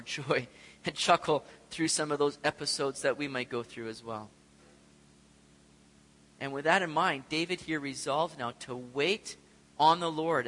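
A man's voice: fairly high pitch, sharp tone. Guy preaching a sermon, chatty with rhetorical questions, long echo like a big church hall. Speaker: pastor.

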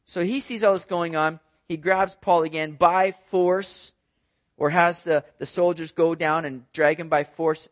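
Conversational pastor with a high voice, walks the congregation through scripture. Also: male voice. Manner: conversational, animated, repeats words. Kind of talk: expository sermon.

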